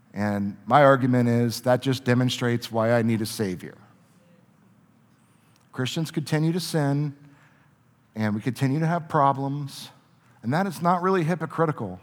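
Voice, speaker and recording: Earnest pastor in a big echoing hall. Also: male voice, on the high side. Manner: earnest, swings from soft reflection to forceful emphasis. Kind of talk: sermon. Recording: long reverb of a large hall.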